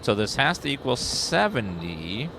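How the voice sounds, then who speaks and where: A man streaming a horror game live, chatting excitably and rattling off lists of viewer names at speed. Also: mid-range voice, gravelly, background noise. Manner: excitable, rapid-fire reading of viewer names. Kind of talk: live gameplay commentary.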